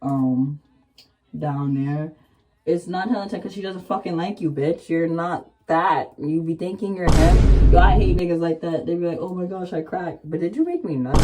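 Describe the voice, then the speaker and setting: A woman's voice: fairly low pitch, slight background noise. Slangy young woman telling a story. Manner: slangy and candid, fillers and rising excitement. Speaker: vlogger. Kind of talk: casual storytime chat.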